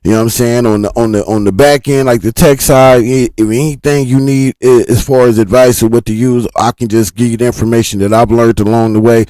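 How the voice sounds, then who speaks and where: A man's voice: mid-range voice, steady tone, a little fast, few pauses, mellow, no echo, low-quality recording. A man hosting a livestream, reacting in a casual, chatty way with friendly asides. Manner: laid-back, chatty, supportive asides. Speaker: reaction show host.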